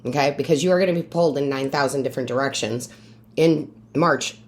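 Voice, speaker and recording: A woman reading tarot cards for her viewers. She talks in an emphatic, coaching way, often checks in with "right?", and asks the cards for messages in quiet asides. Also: extremely low pitch, brisk. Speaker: tarot reader and medium.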